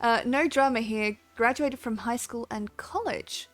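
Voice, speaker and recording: A woman's voice: a little high, measured pace, dry recording, soft background music. An Australian woman hosting her game stream, chatting casually and reading chat aloud in a self-deprecating way. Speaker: streamer host.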